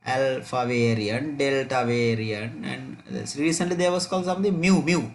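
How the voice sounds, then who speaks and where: A man's voice: medium pitch, normal speed, a little hiss or hum. A man teaching an online chemistry revision class, repeating key points and checking students' answers aloud.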